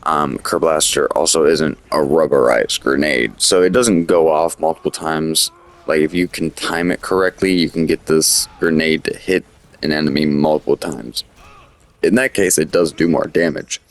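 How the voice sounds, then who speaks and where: Very deep, gravelly-voiced man commenting on a game. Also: fairly even intonation, moderate pace. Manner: loose, rambling, full of fillers and restarts. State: has the hiccups. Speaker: gaming commentator. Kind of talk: casual gameplay commentary.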